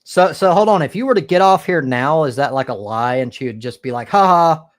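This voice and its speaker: A man's voice: mid-range voice, fairly quick. A man from the United States hosting a live stream, chatting crudely and rambling with restarts. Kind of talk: casual crude chat.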